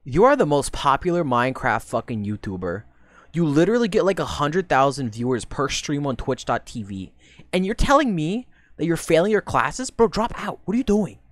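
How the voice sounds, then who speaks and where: A young woman streamer giving profane, mocking reaction commentary, with loud bursts of laughter and sudden shouting. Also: sits low, big pitch swings, normal speed, no room sound.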